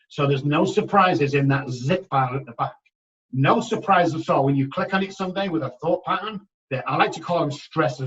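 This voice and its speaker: A man speaking as a recovery expert guest on a podcast, telling stories in an energetic, emphatic way and addressing listeners directly. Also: on the high side, recorded from a distance, highs cut off. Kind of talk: animated podcast storytelling.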